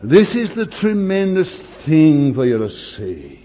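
An older man preaching a sermon as a story, moving between hushed asides and emphatic lines. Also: fairly high pitch, big pitch swings, unhurried, hardly any pauses. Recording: dull recording with long hall reverb.

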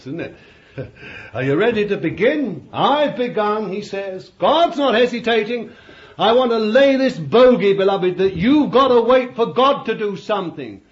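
A male preacher with a high voice that swings widely up and down, delivering a fervent sermon. He lingers over his words, repeats key phrases and addresses the congregation as beloved. The recording is dull and lo-fi.

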